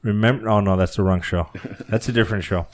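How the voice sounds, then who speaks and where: Male podcast co-host, lower voice, joking and rambling delivery. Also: fairly even intonation, fast, a little hiss or hum. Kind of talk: casual drunken chat.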